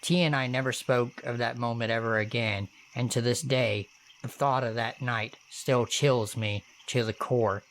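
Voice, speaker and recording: A man narrating true horror stories in first person, with steady, earnest delivery and casual swearing. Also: mid-range voice, measured pace, a little hiss or hum.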